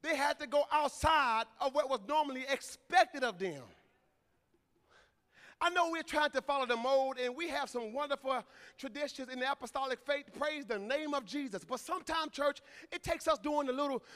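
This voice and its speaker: A man preaching a sermon in a church, moving from quiet, slow talk to loud, shouted climaxes. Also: extremely high pitch. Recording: long hall reverb.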